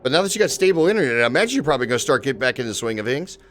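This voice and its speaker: A man chatting casually on a live stream, excitable and swearing, shouting out viewers in chat. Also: medium pitch, rapid-fire, noisy background. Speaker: livestreamer.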